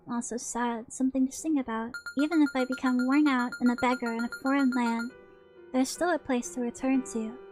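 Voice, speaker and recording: A woman reading a naive, halting young suspect. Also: high-pitched, natural voice. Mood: musing. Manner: soft, halting, naive questioning. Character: odd, childlike young woman murder suspect. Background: background music.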